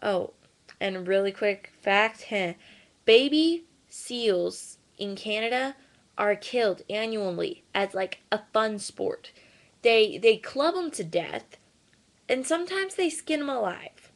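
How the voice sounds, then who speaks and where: Woman vlogger, earnest and riled up, talks slowly, drops sarcastic jabs. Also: mid-range voice, expressive. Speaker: animal welfare vlogger. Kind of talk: casual webcam rant.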